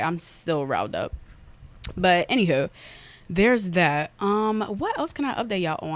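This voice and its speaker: Animated young woman telling a story. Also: on the low side. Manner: animated, fast retelling with quoted outbursts. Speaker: podcast host. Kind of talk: casual storytelling to listeners. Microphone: iPad on an unsteady stand.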